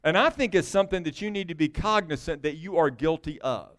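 A man preaching a sermon in a folksy, joking way, his voice swinging between loud bursts and hushed asides. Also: fairly high pitch, expressive, a little fast. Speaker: pastor.

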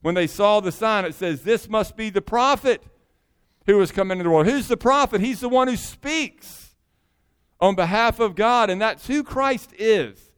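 A man's voice: sits high, animated, moderate pace, clean tone. A man preaching a sermon in a conversational way, with emphatic asides. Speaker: pastor.

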